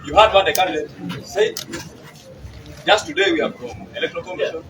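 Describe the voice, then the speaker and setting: A man's voice: sits high, wildly swooping pitch, brisk. A man with a Ugandan English accent, a party regional chairman speaking emphatically at a press conference. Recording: distant mic, noisy outdoor ambience.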